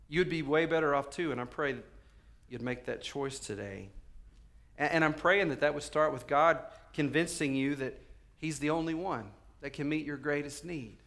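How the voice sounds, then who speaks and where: A male pastor preaching a sermon, swinging from quiet pleading to fervent shouting. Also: mid-range voice.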